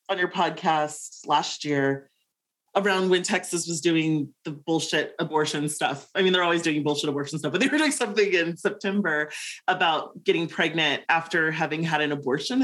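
Woman, low-ish voice, emotional, gushing, laughing, casual podcast chat. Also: a bit bright.

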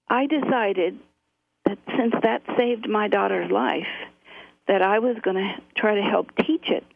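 A woman's voice: medium pitch, creaky, breathy edge, dry recording. A middle-aged woman guest telling her story earnestly, with frequent fillers. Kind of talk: interview on a phone line. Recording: tinny phone line.

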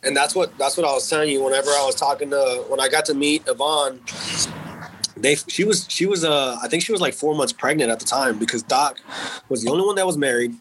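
A man's voice: mid-range voice, a little fast, a bit bright, slight background noise, low-quality recording. A man and military veteran telling a personal story in a candid, casual way, swearing freely and dropping in words like "man" and "dude". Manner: candid and profane, with frequent fillers like "man" and "dude".

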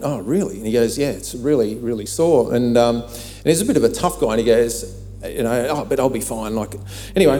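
Middle-aged male pastor, chatty storytelling sermon, mellow tone, hall reverb. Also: medium pitch. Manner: chatty storytelling with many fillers. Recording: long hall reverb, faint music.

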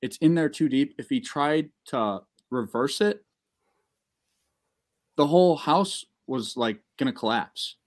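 A young man telling a long, profane, excitable story in a casual podcast chat. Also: a little high, slow pace. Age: young adult.

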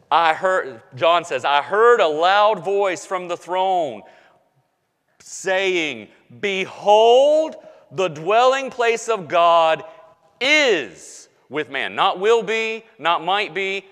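Male pastor, high voice, slow emphatic sermon delivery that drops to hushed lines and builds back up, church hall reverb. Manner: emphatic preaching with repetition, swinging from hushed to loud.

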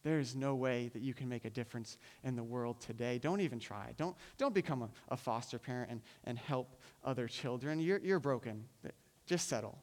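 A man voicing a lying enemy spirit, who talks low and hushed to taunt and wear down. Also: normal speed, natural voice. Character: lying male enemy spirit whispering despair.

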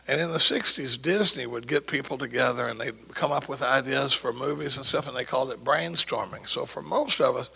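A man's voice: mid-range voice, a little fast, vocal fry, few pauses, bright, forceful tone, husky, rough recording. A man speaking as a recovery sponsor, telling rambling stories with quoted dialogue and many false starts. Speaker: recovery sponsor sharing at a meeting. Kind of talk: rambling anecdotal talk.

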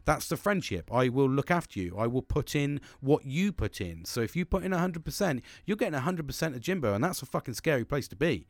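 A man's voice: mid-range voice, big pitch swings, a little fast, hardly any pauses, dry recording. Swearing, rambling man, dry sound. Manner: rambling, heavy swearing, frequent restarts. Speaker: podcast host. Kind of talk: candid personal monologue.

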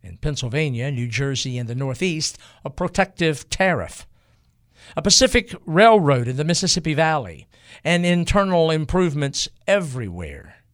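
A man with a slightly raised voice narrates history from a script. He tells it in a measured, emphatic storytelling manner. The sound is dry and close. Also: fairly high pitch, big pitch swings, dry recording.

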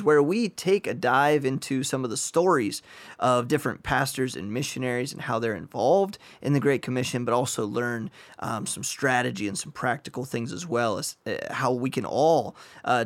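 A man who is a pastor and missionary, hosting a podcast in an enthusiastic, friendly way, with frequent fillers. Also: medium pitch. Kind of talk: casual podcast interview.

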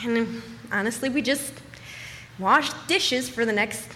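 A young woman telling a personal story in a casual, animated way, swearing often and acting out panicked quotes. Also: fairly high pitch, takes it slowly, in a large hall, slight background noise.

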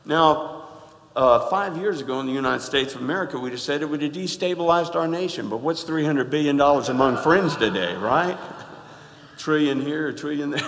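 Guy preaching in a church, bright sharp voice kinda high, folksy, big echoey hall. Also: normal speed. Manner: emphatic, folksy, swings from quiet asides to loud stresses. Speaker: pastor. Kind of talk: sermon. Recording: echoey hall with long reverb.

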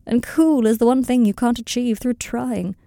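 A woman's voice: a little high, steady tone, moderate pace, creaky, warm tone, no echo, clean studio sound, voice pushed up. A woman voicing a guarded young man who sounds uncertain but dryly teasing, in a storybook reading. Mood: wry.

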